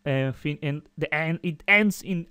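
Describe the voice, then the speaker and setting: A man teaching a Spanish grammar lesson in halting, non-native English, patiently repeating his examples and correcting himself as he goes. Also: on the high side, pushed and bright, clean tone, no room sound.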